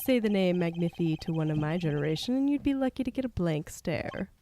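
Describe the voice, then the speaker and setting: A woman's voice: on the low side, expressive, fairly quick, mellow, close to an everyday voice. Woman doing a smug young rock-star prosecutor. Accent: affected European rock-star accent.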